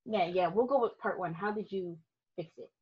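Animated woman telling stories, husky voice. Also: on the low side, normal speed. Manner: animated storyteller, laughs often. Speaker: guest photographer. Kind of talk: casual podcast chat. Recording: muffled lo-fi podcast audio.

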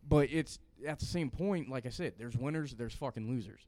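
A man's voice: mid-range voice, moderate pace, a little mellow, dry recording. A man from Louisiana, hosting a casual podcast, opinionated and rambling.

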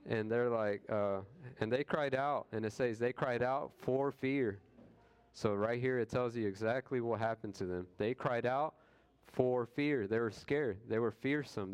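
A man with a smooth, fairly low, darkish voice leads a laid-back Bible study. He retells scripture in slangy everyday language, acting out what people said and throwing in jokes.

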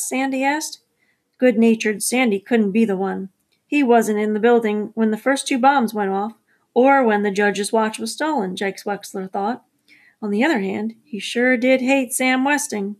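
A woman narrating a mystery novel at a measured pace, briefly voicing the characters. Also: fairly high pitch. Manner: measured storytelling, gives characters quick voices. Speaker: audiobook narrator. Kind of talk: scripted narration.

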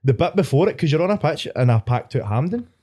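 A man's voice: a little high, very animated, fast talker, dark tone, slightly rough. A Scottish man in his twenties, hosting a podcast and telling a long, rambling, sweary story in casual chat. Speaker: podcast host.

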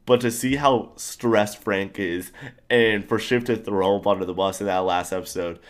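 A young man chatting casually about a TV show, enthusiastic and rambling, with animated outbursts. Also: on the low side, moderate pace.

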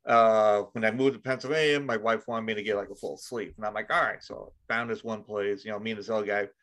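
A man's voice: on the low side, steady tone, a bit bright. A man co-hosting a podcast, chatting casually and starting a story with many restarts. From Long Island. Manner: halting, full of restarts and fillers. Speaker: podcast co-host. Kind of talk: casual chat.

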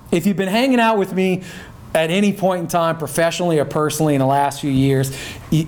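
A middle-aged man, chatting casually as the host of his own show. His voice sits a little higher than most men's, and he talks in a folksy, emphatic way, punching his points and tossing in "right?" to keep listeners with him. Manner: folksy, emphatic, keeps asking "right?" and "okay?". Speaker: podcast host. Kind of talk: casual chat.

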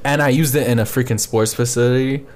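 A man's voice: medium pitch, steady tone, fast talker. A young man co-hosting a casual podcast, telling a story in a laid-back way and laughing along. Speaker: podcast co-host. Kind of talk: casual chat. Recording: loud background noise.

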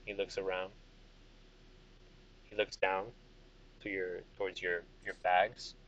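A man's voice: deep voice, level tone, slow, a bit bright, highs cut off, a little hiss or hum. A young man narrating as game master from inside his car, rambling with fillers and restarts. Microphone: computer or tablet mic.

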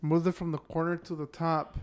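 Quiet off-mic man. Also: a little high, little pitch movement, fairly quick, clean tone. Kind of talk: casual chat.

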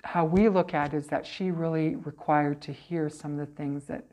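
Casting: low-pitched chatty woman, medium telling stories in an interview. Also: normal speed. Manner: chatty, animated, frequent okay and right tags. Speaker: psychic medium guest. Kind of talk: casual interview storytelling.

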